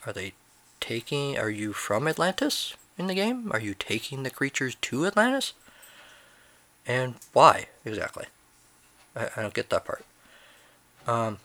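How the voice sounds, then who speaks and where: A man reviewing an old video game, who reads the instruction manual aloud and keeps breaking off with dry, sarcastic commentary. His voice is bright and forward, at an ordinary male pitch. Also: big pitch swings, measured pace, long pauses. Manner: wry, sarcastic asides.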